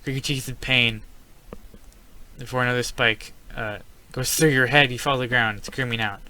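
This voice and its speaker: Man, casual gamer type, bright and sharp voice, reads game text aloud and reacts with excited yelps. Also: medium pitch, normal speed. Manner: reads story text aloud, then breaks into startled exclamations. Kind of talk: casual let's-play narration.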